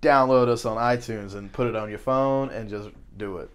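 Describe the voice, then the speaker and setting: A man's voice: mid-range voice, normal speed, clean tone. A young man from the US South co-hosting a student podcast, joking and laughing often in casual banter. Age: young adult. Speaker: podcast co-host. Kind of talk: casual chat.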